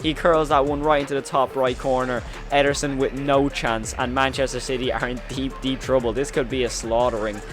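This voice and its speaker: A man giving excited play-by-play commentary on his own football video game match, breaking into shouts and squeals when goals go in. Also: mid-range voice, fairly quick, hardly any pauses, music in the background. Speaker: gaming YouTuber.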